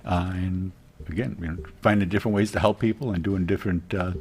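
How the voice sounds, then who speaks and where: Earnest, rambling man with a lowish voice. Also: steady tone, quick pace, darkish tone, husky. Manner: rambling, earnest, many restarts. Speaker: realtor guest. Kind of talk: casual TV interview chat.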